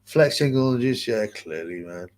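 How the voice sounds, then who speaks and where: A man's voice: fairly low pitch, expressive, normal speed. A man hosting a casual livestream, rambling crude gossip and reading out chat comments with lots of fillers.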